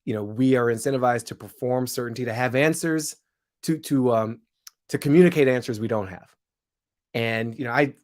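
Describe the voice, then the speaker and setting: A man speaking as an interview guest, reflective and thoughtful, with quick asides and frequent laughs. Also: medium pitch. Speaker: guest, comedian and show host.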